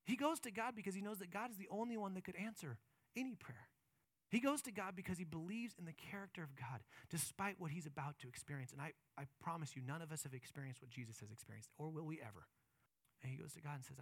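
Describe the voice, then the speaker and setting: A male pastor delivers a sermon in a notably high voice, pressing his points with impassioned emphasis and then easing into calmer reflection. The sound is dry and close, with no room echo. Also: quick pace. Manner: impassioned, emphatic preaching that swings between loud and soft.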